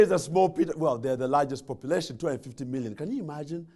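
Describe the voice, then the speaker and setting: A man's voice: on the high side, quick pace. A man from Uganda, giving a humorous motivational speech as a guest speaker and telling stories with jokes and frequent restarts. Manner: animated storytelling with jokes and repeated restarts.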